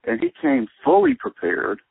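A man's voice: very high voice, huge pitch swings, normal speed, gravelly, dry recording. A man in his sixties, a musician guest, telling stories animatedly and laughing often. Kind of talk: casual chat. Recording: tinny phone line.

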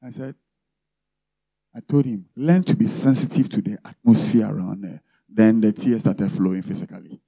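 A man preaching to his church, his voice dark and mellow. He keeps asking the congregation questions as he goes. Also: lowish voice, normal speed, gravelly, slightly rough. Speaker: pastor. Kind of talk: sermon.

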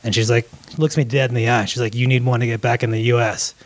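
A man's voice: mid-range voice, level tone, fast, no echo. A man chatting casually, telling a long story in a laid-back, profane way and often saying "dude". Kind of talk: casual chat.

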